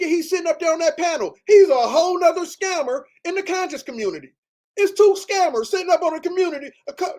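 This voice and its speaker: With a very high voice and a darkish tone, a man rants heatedly on his livestream, profane and repetitive.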